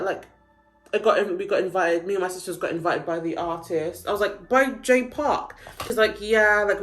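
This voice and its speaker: Chatty young woman, low voice. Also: a bit bright. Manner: chatty, full of "like" fillers, acts out quotes. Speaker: vlogger. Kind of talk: casual storytelling chat.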